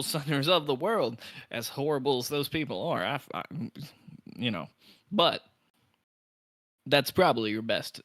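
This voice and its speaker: Guy doing a chatty shopkeeper man, weapons seller, haggles and banters, bright voice, dry close sound. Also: mid-range voice, no room sound, lightly acted.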